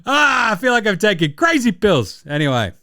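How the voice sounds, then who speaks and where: An Australian man hosting a basketball show, ranting in a sweary, excitable and sarcastic way. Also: high voice, fairly quick. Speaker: basketball podcast host. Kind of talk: casual sports commentary rant.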